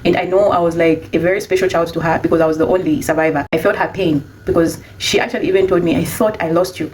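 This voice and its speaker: Woman, rapid chatty storytelling, lowish voice, light hiss behind. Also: rough recording. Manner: chatty, animated when quoting herself. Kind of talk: casual storytime monologue.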